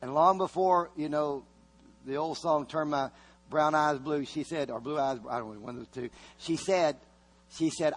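A man preaching a sermon to a congregation, telling a story and then leading prayer, earnest and slowing down to stress key words. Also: a little high. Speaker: pastor. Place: church service before a congregation. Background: soft guitar music.

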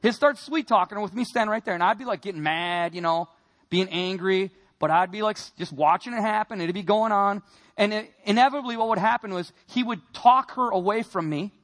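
A man with a noticeably high voice delivers an emotional testimony sermon. He tells his story earnestly, dropping to hushed, heavy moments and then pushing hard for emphasis. He speaks as a man from Wisconsin recounting his own life. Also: fairly quick. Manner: earnest storytelling, swinging between quiet and emphatic. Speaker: speaker giving a personal testimony.

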